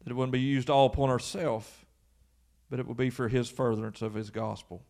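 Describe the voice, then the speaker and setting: A man's voice: mid-range voice, fairly even intonation, brisk, a little mellow. A man preaching a sermon as pastor, emphatic and full of rhetorical questions.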